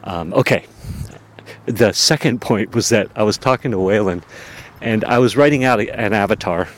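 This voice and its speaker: A man with a lowish voice speaks at a moderate pace, hosting a podcast outdoors in a town. He rambles casually about himself, full of fillers and self-deprecating asides.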